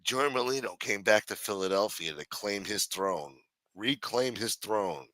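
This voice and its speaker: A man's voice: fairly low pitch, expressive, unhurried, bright, forceful tone, dry recording. A man hosting a late-night talk show, giving sardonic, profane commentary. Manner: sardonic, profane, mumbling asides.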